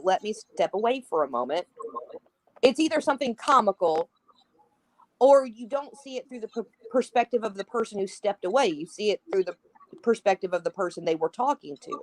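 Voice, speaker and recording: A woman guesting on a podcast chats casually about a film, animatedly acting out the characters' lines as she retells scenes. Her voice is medium-pitched. The recording is dry and the audio poor.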